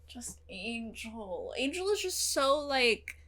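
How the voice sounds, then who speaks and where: Reacting to a TV episode on her channel, a young woman speaks to the camera with emotion and animation, leaning heavily on fillers and now and then swearing. Her voice is a little high, and she draws out her words.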